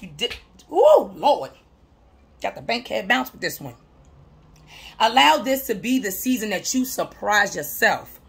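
High, gravelly woman preaching recovery. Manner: emphatic, repeats phrases, preacher-like cadence; laughs and breaks into shouts. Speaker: vlogger sharing her recovery. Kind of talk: motivational talk to camera.

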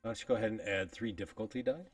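A man with a low voice runs a tabletop game, narrating with hesitant fillers and restarts. He sits back from the mic in a dry room with faint music underneath. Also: racing, no echo, far from the mic. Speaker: game master.

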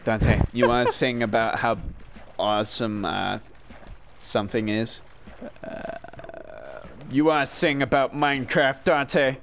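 A man's voice: medium pitch, fairly even intonation, a little slow, pauses often. A young man casually chatting while playing a game, goofy and playful. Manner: goofy, bursts into yelps and silly voices. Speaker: gamer. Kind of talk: casual gameplay banter. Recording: noisy home recording.

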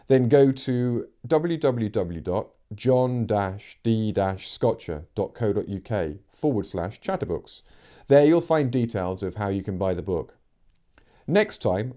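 Mellow man reading a story. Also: lowish voice, normal speed. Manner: lively, expressive reading. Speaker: narrator reading book extracts. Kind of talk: storybook narration.

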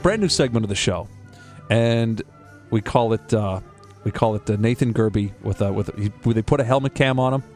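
A man's voice: lowish voice, normal speed, darkish tone, soft background music. A man hosting sports radio in casual chat, enthusiastic and often repeating himself.

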